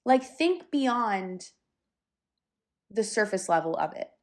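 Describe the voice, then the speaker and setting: A young woman talks through her solo podcast in a casual, candid way, full of fillers and the odd swear. She sounds a little out of breath, and her voice sits at an ordinary middle pitch. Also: big pitch swings, slow. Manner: chatty and candid, with some swearing and lots of fillers. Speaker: podcast host.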